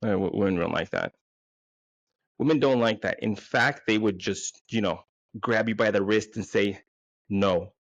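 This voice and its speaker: Crude, gravelly-voiced man in his forties. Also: on the low side, normal speed, no room sound, dull audio. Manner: crude, rambling, self-mocking. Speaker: podcast host. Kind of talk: comedic monologue.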